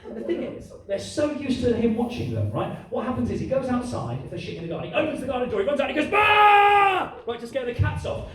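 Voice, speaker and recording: A man's voice: extremely high pitch, fast talker, few pauses. A man performing a stand-up comedy routine, telling stories with heavy swearing to a live audience. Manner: animated storytelling, heavy swearing. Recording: echoey room, mic at a distance, audience noise.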